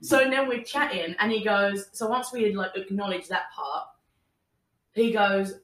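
Excitable young woman telling a story, roomy. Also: medium pitch, normal speed, recorded from a distance. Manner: animated storyteller, quotes people, laughs often. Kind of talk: casual chat. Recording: roomy, a little off-mic.

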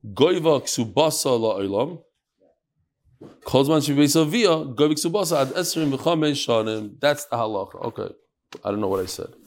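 Animated man teaching Talmud. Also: medium pitch, moderate pace. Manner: mixes Yiddish-Hebrew terms into English, acts out dialogue.

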